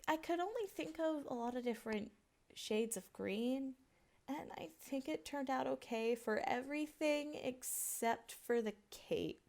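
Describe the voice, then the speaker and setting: Female artist-host, under the weather and worn out, fairly high gravelly voice, chatty and self-critical. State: sick voice; tired. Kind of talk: casual commentary on own drawing.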